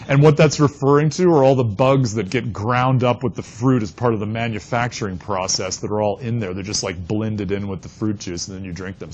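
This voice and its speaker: A man lecturing an anthropology class. He tells a long anecdote in an animated way and often ends his statements with "right?". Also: lowish voice, muffled recording, slight background noise.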